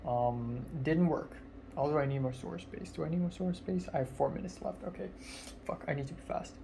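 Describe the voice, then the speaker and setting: A man's voice: fairly high pitch, fairly quick, gravelly, background noise. A nineteen-year-old man, a film student, casually retelling a social outing in a rambling way, full of fillers and quoted dialogue. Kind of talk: casual vlog storytelling.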